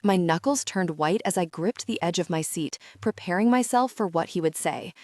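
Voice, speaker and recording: Woman narrator for a romance audiobook, lower voice, dry close sound, steady first-person read. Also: moderate pace, dry recording.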